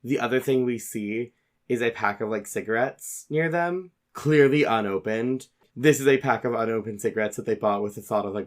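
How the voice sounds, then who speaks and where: A man's voice: mid-range voice, normal speed. A man narrating his character's actions in an actual-play tabletop game, casual and descriptive with frequent fillers. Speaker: player.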